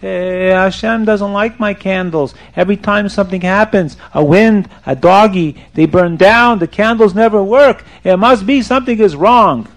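Storybook role: a man playing a fretful pious man, pitched up, pleading, gravelly edge. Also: moderate pace, few pauses. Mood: anxious.

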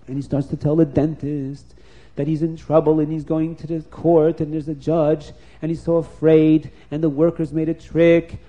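A man telling a story aloud, acting out the characters' lines with lively shifts in pitch. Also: dull audio. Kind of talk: spoken storytelling.

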